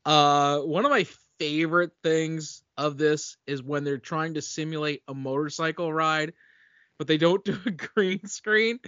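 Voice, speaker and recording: A man's voice: fairly high pitch, a bit bright, no echo, dull audio. A man co-hosting a casual movie-review podcast, tossing out wry jokes and asides. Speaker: podcast co-host.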